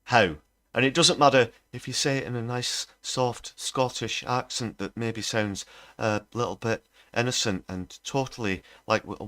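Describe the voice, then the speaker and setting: A man's voice: mid-range voice, steady tone, unhurried, pushed and bright. A man hosting a political livestream, ranting indignantly against politicians. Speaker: livestream host. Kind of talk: political commentary.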